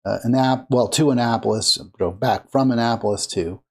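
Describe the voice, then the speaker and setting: A man from Maryland, USA, hosts a political commentary show in a mid-range voice at a moderate pace. His talk is casual and rambling, packed with fillers and restarts.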